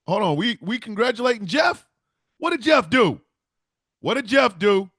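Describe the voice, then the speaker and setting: A man's voice: sits high, fairly bright tone, dry recording, clean studio sound. A man hosting a casual stream, talking emphatically, swearing and laughing often. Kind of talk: casual livestream chat.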